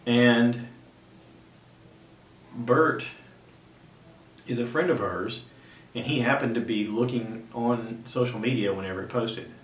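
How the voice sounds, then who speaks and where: A man's voice: slow, pauses often. Man telling a story in a roomy room. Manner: rambling retelling with frequent restarts. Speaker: podcast host. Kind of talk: casual storytelling monologue. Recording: roomy sound from a distant mic with faint rumble.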